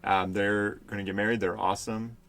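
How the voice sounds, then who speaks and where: Man, podcast host, lowish voice, relaxed hesitant questions, lots of fillers. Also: a little fast, vocal fry, slight background noise. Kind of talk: casual chat.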